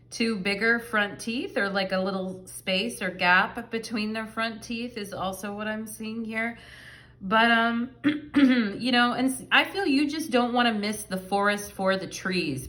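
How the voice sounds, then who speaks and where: A woman walks viewers through a tarot reading, talking loosely and circling back on herself with fillers and asides. Her voice is bright and forward, at an ordinary pitch for a woman. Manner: chatty, rambling, many fillers and asides. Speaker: tarot reader. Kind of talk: pick-a-card tarot reading.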